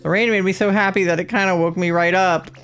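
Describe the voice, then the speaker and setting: A woman reading game dialogue aloud for a sleepy, easygoing Pokemon creature, in an unhurried, gentle read-through. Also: on the low side, fairly even intonation, soft background music, close to an everyday voice. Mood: cheerful.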